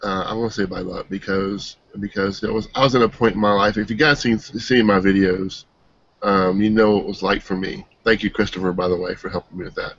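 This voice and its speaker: A man giving an earnest, emotional personal testimonial, halting and restarting as he speaks. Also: on the low side, fairly even intonation, a bit bright, husky, no echo. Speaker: team member giving a testimonial. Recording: dull, dry lo-fi sound.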